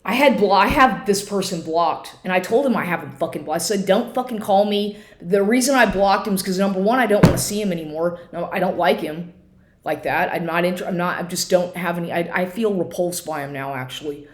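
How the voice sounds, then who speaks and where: A woman's voice: fairly low pitch, a little fast, reverberant. A woman telling a personal story in a casual rant, swearing often and restarting her sentences, recorded at home at her computer. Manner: profane, agitated, restarts often. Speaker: vlogger.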